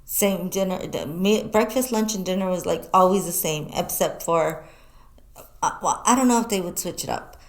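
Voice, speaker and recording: A woman co-hosting a talk show, telling animated stories in casual chat and swearing freely. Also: on the low side, normal speed. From New Mexico, US. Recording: echoey room.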